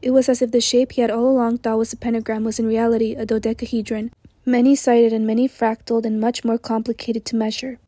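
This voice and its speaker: A hoarse woman narrating an audiobook in a measured, even literary reading. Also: on the high side, dry recording.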